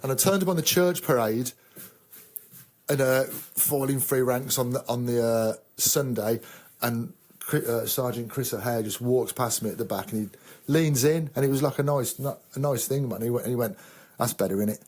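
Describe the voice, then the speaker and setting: An English army veteran telling a rambling, profane, self-mocking story in casual chat. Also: male voice, medium pitch, normal speed, a little mellow. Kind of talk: casual sweary anecdote.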